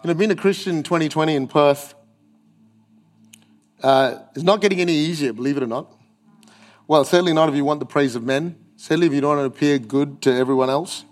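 Pastor guy, fairly high voice, preaching hard, puts on little voices for people he quotes. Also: quick pace. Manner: emphatic, acts out quoted voices. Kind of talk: sermon. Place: church.

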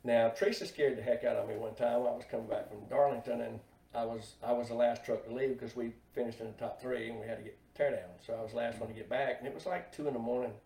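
A man's voice: mid-range voice, steady tone, fast talker, vocal fry, mellow. A man who worked on a race team, telling stories in a plain-spoken, laid-back way as a guest. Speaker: guest, former race team crew member. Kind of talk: casual storytelling chat. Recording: echoey room, mic at a distance.

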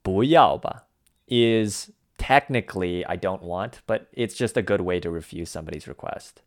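A man explaining the lines of a dialogue in a measured, methodical way. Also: deep voice. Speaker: language teacher.

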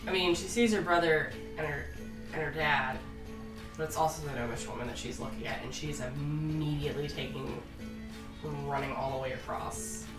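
A woman's voice: sits low, steady tone, normal speed, reverberant, recorded from a distance, music in the background, poor audio. A woman playing a tabletop game, casually describing her character's actions. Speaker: player.

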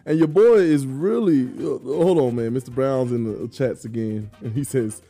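A man's voice: mid-range voice, normal speed, mellow, faint music behind. A male podcast host in a casual sports debate, teasing his co-host and reading viewer comments.

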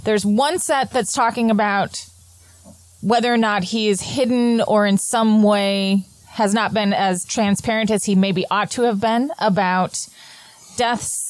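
A woman's voice: mid-range voice, steady tone, a little slow, no echo. A woman hosting a podcast, chatting casually in an earnest, talkative way. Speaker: podcast host. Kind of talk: casual chat.

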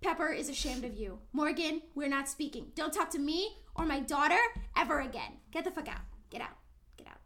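A young woman with a high voice co-hosts a casual podcast. She reads fanfiction aloud and rambles crudely between passages. She slips into animated impressions as she goes. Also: fairly quick. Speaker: podcast co-host. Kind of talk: casual chat reading fanfiction.

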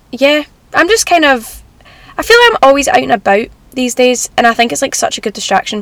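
A woman's voice: on the high side, fairly bright tone, no room sound. A young woman with a Scottish accent, chatting casually to her viewers from her car in a rambling, upbeat way. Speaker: vlogger. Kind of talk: casual chat to camera.

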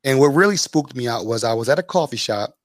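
Animated man telling stories. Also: fast talker, dry recording, studio quality. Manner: animated, acts out quoted people with big pitch jumps. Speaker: podcast host being interviewed as guest. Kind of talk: casual storytelling in an interview.

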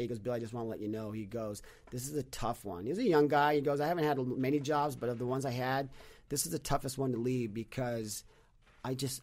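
Man, mid-pitched voice, casual podcast talk, animated storytelling, frequent restarts. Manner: animated storyteller with many restarts, acts out quotes. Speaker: podcast guest, business leader.

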